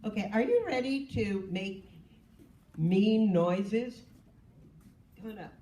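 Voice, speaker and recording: A woman's voice: medium pitch, slow, long pauses, distant mic, slight background noise. A woman storyteller telling a children's tale at a bookstore in a sing-song, playful way, talking with the audience. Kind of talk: live children's storytelling with guitar. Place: bookstore event. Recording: roomy store with loud guitar.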